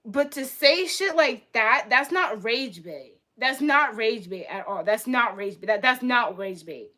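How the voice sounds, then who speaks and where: A woman's voice: fairly high pitch, animated, measured pace, sharp tone. Heated, profane young woman streamer. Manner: heated, profane, repeats herself. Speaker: livestreamer. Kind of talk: casual live-stream reaction rant.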